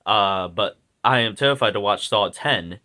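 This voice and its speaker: A man with a hoarse, slightly sick voice, rambling through a casual video review with lots of fillers and slang. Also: fairly low pitch, normal speed, sharp tone. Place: indoors at home.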